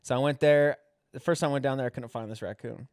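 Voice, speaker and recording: A man's voice: mid-range voice, fast, darkish tone, no echo, studio quality. A young man, a guest comedian, telling a rambling, profanity-laden story in casual podcast chat, laughing as he goes.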